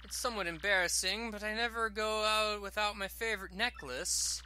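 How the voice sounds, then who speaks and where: A man's voice: high-pitched, normal speed, bright, forceful tone, a little hiss or hum. A man voicing a pompous, fussy older woman with a theatrical, haughty way of talking. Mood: fretful.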